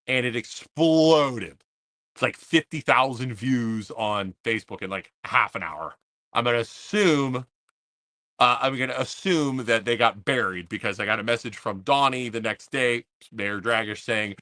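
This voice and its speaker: A man's voice: medium pitch, animated, normal speed, bright, forceful tone, no echo. A man hosting a podcast livestream, ranting in a casual, fired-up way to his viewers while he stands outdoors under an umbrella in pouring rain. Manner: fired-up, repetitive, talks straight to viewers. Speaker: podcast host.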